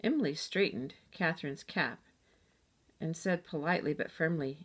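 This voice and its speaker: A woman reads a children's chapter book aloud in a steady, gentle storytelling manner. Her voice sits a little low. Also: normal speed, slightly rough. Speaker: storybook reader.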